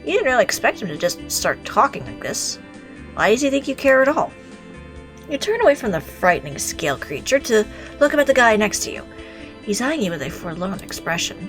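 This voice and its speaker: A woman reading a visual novel aloud, reacting with animated exclamations and the odd swear word. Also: a little high, a little fast, soft background music. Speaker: game streamer.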